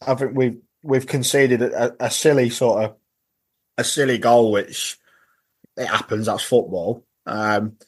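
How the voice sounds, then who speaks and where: A man talks as a guest on a podcast, telling stories from football trips in a loose, chatty way. His voice sits at an ordinary middle pitch, and he often laughs while he recounts things. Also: fairly even intonation, a little slow, slightly rough. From England. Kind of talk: casual storytelling chat.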